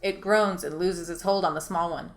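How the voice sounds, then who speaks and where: Fast-reading woman narrating an adventure. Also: fairly low pitch, fairly even intonation. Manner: rapid reading, often breaking into laughter at her own lines. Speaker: host and storyteller. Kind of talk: reading her own choose-your-own-adventure story aloud.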